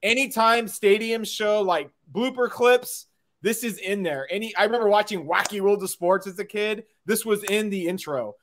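A man's voice: high voice, moderate pace, slight background noise. A male host asking casual interview questions on a live video chat, eager and chuckling, often repeating words as he starts.

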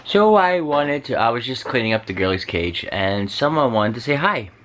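A man's voice: medium pitch, very animated, moderate pace, a bit bright, a little hiss or hum. A man talking casually to his camera at home, chatting playfully with his pets. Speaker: vlogger. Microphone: handheld camera.

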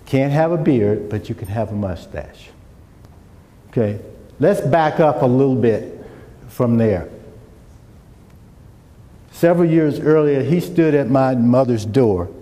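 A middle-aged man telling a personal story to an audience, acting out the dialogue with lively shifts. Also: mid-range voice, measured pace, long pauses. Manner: animated storyteller, acts out dialogue. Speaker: speaker. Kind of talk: storytelling talk. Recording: echoey hall with long reverb.

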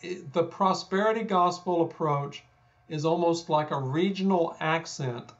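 Speaking at a measured pace in a slightly high voice, this guest scholar from Texas explains things conversationally in his Texan accent. He thinks aloud with self-deprecating humor, lots of fillers, and frequent restarts. The sound is lo-fi.

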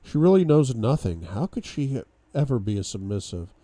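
A man's voice: mid-range voice, big pitch swings, moderate pace, warm tone, no room sound. A man reading a novel aloud for a book club, giving a dramatic first-person reading with sudden outbursts.

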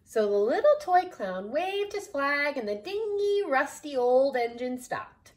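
Woman reading a kids book out loud, bouncy pitch all over the place, chatty asides. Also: a little slow. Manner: animated, with laughs and asides to listeners. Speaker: storybook reader. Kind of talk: reading a children's story aloud.

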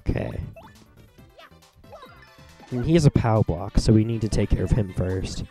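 Rambling young man with a mellow voice. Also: lowish voice, lively intonation, unhurried. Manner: rambling, reads game text aloud, frequent fillers. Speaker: let's play host. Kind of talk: casual gameplay commentary. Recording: faint game music behind.

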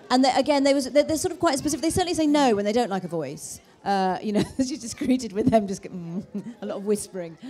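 Brief: woman, fast talker, rambling interview answer, hesitant restarts. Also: mid-range voice, a little mellow. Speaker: voice actor.

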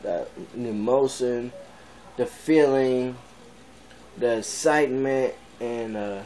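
Twenties male vlogger, unhurried rambling chat, light room hiss. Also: medium pitch, darkish tone, low-quality recording. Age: 20s. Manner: rambling, laughs often, repeats himself. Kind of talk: casual rambling vlog.

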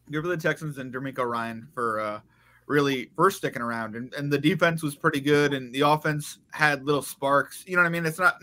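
A man's voice: on the high side, bright, forceful tone. A young man hosting a casual sports podcast, talking loosely with lots of fillers and "you know what I mean". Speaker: podcast host.

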